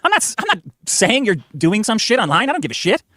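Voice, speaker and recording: A man's voice: sits high, huge pitch swings, fast talker, bright, forceful tone, dry recording. A podcast co-host who brushes off his partner with blunt, profane put-downs. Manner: blunt, dismissive, swears a lot. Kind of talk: podcast argument.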